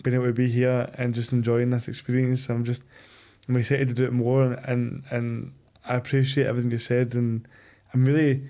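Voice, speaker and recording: A man's voice: mid-range voice, completely flat delivery, a little fast, warm tone. A man hosting a podcast in a heartfelt casual chat, often hesitating and repeating words. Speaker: podcast host.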